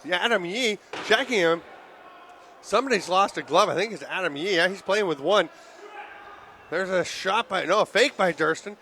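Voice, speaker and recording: A man calling live lacrosse play-by-play in rapid, excitable bursts that rise on goals, his voice worn and giving out. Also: high-pitched, a little hiss or hum. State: voice giving out, throat clearing. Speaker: play-by-play commentator.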